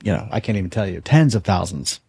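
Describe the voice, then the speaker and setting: A man hosts a podcast, his voice low, gravelly and a little husky. He tells a long story earnestly, restarting and repeating words as he goes. The recording is dry and close to the mic. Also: animated, fast, mellow, dry recording. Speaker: podcast host. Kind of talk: casual conversation, storytelling.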